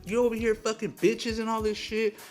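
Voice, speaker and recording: A man voicing a furious young woman yelling back at her partner, shrill and cursing. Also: flat delivery, a little fast, faint music behind, close to an everyday voice.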